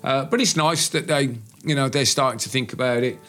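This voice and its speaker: A man co-hosting a relaxed, informal chat, blunt and freely sweary, with a habit of working himself into rants. His voice sits at an ordinary middle pitch for a man. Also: fairly quick. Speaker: podcast co-host. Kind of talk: casual chat.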